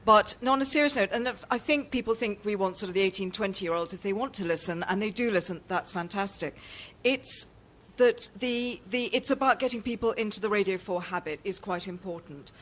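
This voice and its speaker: A woman's voice: medium pitch, fairly quick, fairly bright tone. A middle-aged woman, a radio network executive, answering questions earnestly in a studio interview.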